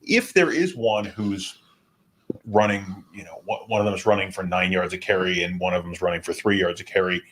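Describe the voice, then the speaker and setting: A man's voice: low voice, a little fast, a bit bright, a little hiss or hum. A man co-hosting a sports podcast in casual chat, reading listener comments and answering them. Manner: reads listener comments aloud. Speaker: podcast co-host.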